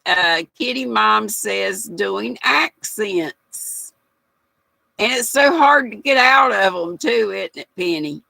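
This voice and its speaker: A woman's voice: fairly low pitch, gravelly, pushed and bright, dry recording, poor audio. An older woman hosting a casual livestream, chatty and folksy, reading viewer comments aloud and laughing often. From United States. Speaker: livestream host.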